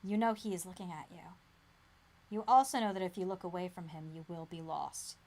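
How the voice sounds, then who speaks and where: A woman acting as game master, reading a gamebook aloud with dramatic suspense that drops to a hush. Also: fairly low pitch, brisk.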